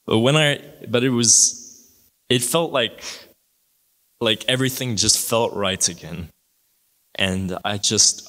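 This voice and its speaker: A young man giving an emotional personal testimony in halting, restarting sentences. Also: fairly low pitch, sharp tone. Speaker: testimony speaker. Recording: hall reverb.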